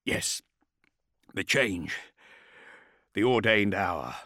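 A male narrator voicing a grim, dying armoured soldier who talks in a strained, breathy growl, weak and failing. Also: low voice, big pitch swings, drawn-out words, pushed and bright, no room sound, studio quality, voice pushed down, exaggerated voice.

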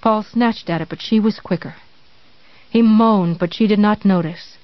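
An audiobook narrator reads a novel in a measured, even storytelling voice. The sound is dry and close, with a slightly dull recording. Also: mid-range voice, no room sound. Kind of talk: scripted narration.

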